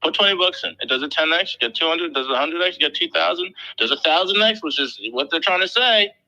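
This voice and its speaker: A man in his thirties from the Philadelphia area, hosting a crypto livestream in loose, profane, animated casual chat. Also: fairly high pitch, fairly quick, rough recording.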